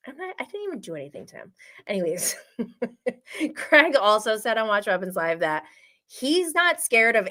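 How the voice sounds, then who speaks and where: A woman hosting a casual reality TV recap, gossipy and animated, often laughing. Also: medium pitch. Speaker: host.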